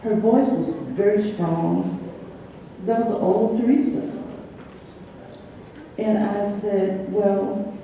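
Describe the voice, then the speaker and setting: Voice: medium pitch, steady tone, slow, long pauses, mellow, a little hiss or hum. A person in their sixties giving a personal eulogy for a close friend, telling stories in a shaky, emotional voice at a church memorial service. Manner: shaky, emotional, chatty storyteller. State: trembling with emotion. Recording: echoey church hall from far off.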